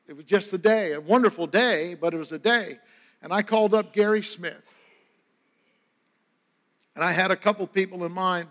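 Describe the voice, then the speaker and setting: Preaching in a church sanctuary, an older man serving as pastor uses a high-pitched, slightly bright voice and an earnest, conversational storytelling style. The recording carries the long reverb of a church hall.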